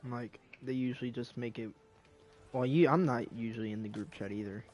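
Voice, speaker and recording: A man chatting casually with friends, telling stories with excitement and frequent swearing. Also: medium pitch, fairly quick, faint music behind. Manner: excitable storyteller, swears often. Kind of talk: casual chat among friends.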